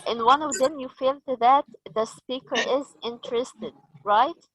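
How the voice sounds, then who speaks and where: Slow, patient woman trainer. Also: high-pitched, a bit bright, a little hiss or hum, rough recording. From Egypt. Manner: patient, questioning, prompting the group. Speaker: teacher trainer. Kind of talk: teaching a training session.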